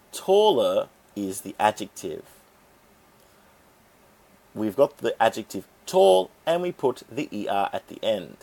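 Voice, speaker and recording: A man teaching an English grammar lesson, explaining rules step by step and sounding out syllables deliberately. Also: medium pitch, very animated, vocal fry, darkish tone.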